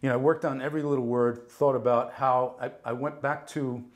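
A man from New Jersey, a guest actor telling lively stories in a casual interview, acting out the voices of others and swearing now and then. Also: mid-range voice, brisk. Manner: animated, acts out quoted voices, swears casually.

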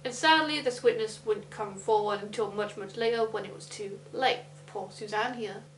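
A woman's voice: medium pitch, moderate pace, slight background noise, low-quality recording. A woman with a London accent casually recounting a true crime case, breaking into blunt, indignant asides.

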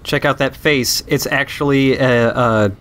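A man's voice: mid-range voice, steady tone, a little slow, fairly bright tone. A young man giving casual, laid-back gameplay commentary, explaining how a fight works and laughing often. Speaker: let's play commentator.

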